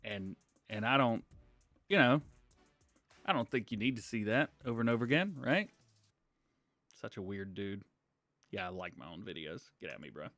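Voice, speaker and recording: A man's voice: fairly low pitch, expressive, moderate pace, long pauses, a bit bright, no room sound, soft background music. A man hosting a casual gaming news livestream, rambling, laughing often and apologizing to chat. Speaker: livestream host.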